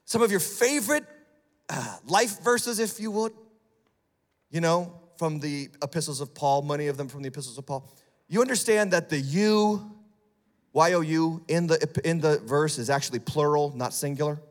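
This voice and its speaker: A male lead pastor preaching a sermon, blunt and sarcastic, dropping low and then rising to loud, emphatic peaks. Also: moderate pace, long reverb tail. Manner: emphatic, swings from hushed to shouting. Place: church sanctuary.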